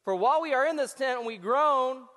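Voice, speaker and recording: A man's voice: extremely high pitch, lively intonation, moderate pace, fairly bright tone, in a large hall. A male associate pastor giving a joking, crowd-engaging sermon to a large church audience. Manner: joking, talks back to the crowd. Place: church auditorium before hundreds of people.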